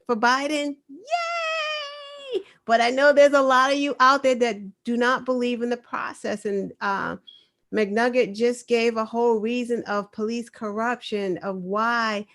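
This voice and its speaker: A woman with a Boston accent co-hosting an online news talk show, animated and laughing often. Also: a little high, moderate pace. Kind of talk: casual chat.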